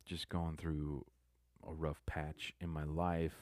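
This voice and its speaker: A man's voice: a bass voice, little pitch movement, takes it slowly, a little mellow, dry recording, clean studio sound. A young adult man giving a subdued, rambling confessional monologue that halts and restarts often. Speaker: vlogger.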